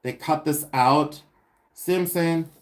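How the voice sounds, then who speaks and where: A man hosting a casual live stream, chatty, excitable and self-mocking as he shows vintage finds indoors. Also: fairly high pitch, unhurried. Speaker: livestream host selling vintage finds. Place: indoors at home, seated with items.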